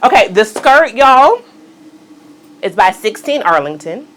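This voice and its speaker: A woman's voice: fairly high pitch, slow pace. A woman fashion vlogger chatting casually through an outfit try-on, playful and exclaiming as she talks to her viewers. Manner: playful, exclaims "girl" and "y'all", chatty and animated. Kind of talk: casual try-on vlog chat.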